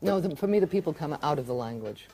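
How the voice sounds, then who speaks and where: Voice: medium pitch, expressive, fast talker, warm tone. A writer talking reflectively about how stories begin, hesitant, with many fillers and restarts. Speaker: fiction writer and filmmaker. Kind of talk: reflective conversation about writing.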